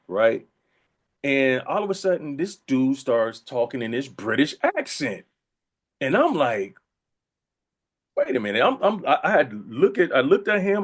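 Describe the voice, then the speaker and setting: Animated man telling stories. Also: mid-range voice. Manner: animated, laughing anecdotes with voiced quotes. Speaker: actor, interview guest. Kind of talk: casual storytelling.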